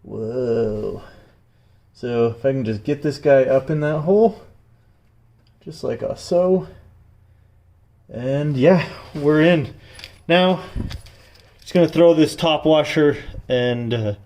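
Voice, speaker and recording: A man's voice: on the high side, slow, long pauses, dark tone. Chatty man narrating his own repair work. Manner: chatty, joking, strained while reaching. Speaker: DIY car vlogger. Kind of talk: casual how-to commentary while working. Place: working on a truck's rear suspension.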